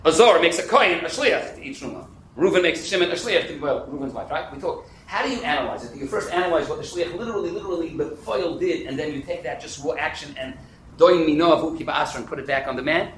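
A man teaching a Talmud class, animated and quick, fielding questions and dropping in Hebrew and Yiddish terms. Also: on the high side, echoey room, a little hiss or hum, poor audio. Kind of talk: interactive class lecture.

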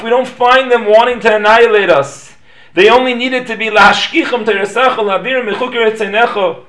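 A man reading a prepared Torah lecture aloud in a measured, explanatory way, raising questions and then answering them. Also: sits high, fairly bright tone. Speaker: Torah teacher.

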